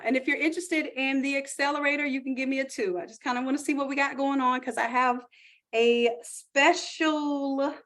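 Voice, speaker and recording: Brief: higher-pitched woman, chatty livestream host making a sales pitch. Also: a bit bright. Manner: chatty, upbeat, pitching offers to chat viewers. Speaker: online course host. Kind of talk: live-stream sales pitch.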